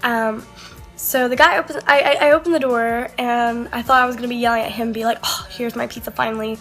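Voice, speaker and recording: Young woman vlogger, higher voice, casual storyteller who swears, faint music behind. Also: fairly even intonation, fairly quick, fairly bright tone. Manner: chatty, swears, acts out both sides of calls.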